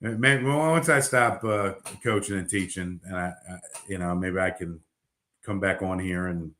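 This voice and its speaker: A man's voice: low-pitched, steady tone, moderate pace, pushed and bright, reverberant. A middle-aged man, a coach, talking bluntly in casual podcast chat, rambling with fillers and restarts. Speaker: basketball coach.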